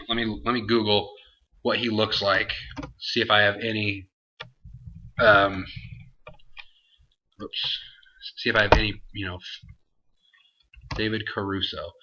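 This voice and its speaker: A man's voice: fairly low pitch, slow, long pauses, sharp tone, lo-fi sound, a little hiss or hum. A man hosting a casual Q&A vlog, answering viewer questions in a rambling, self-interrupting way. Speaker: host.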